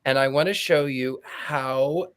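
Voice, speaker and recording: A man's voice: fairly high pitch, moderate pace. A man in casual podcast chat, telling stories animatedly and acting out the quotes. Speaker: podcast co-host.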